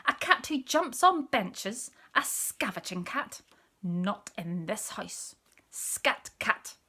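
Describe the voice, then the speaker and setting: A woman doing a loud scolding mother. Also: mid-range voice, big pitch swings, takes it slowly, husky, exaggerated voice. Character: brisk stern mother shooing a cat.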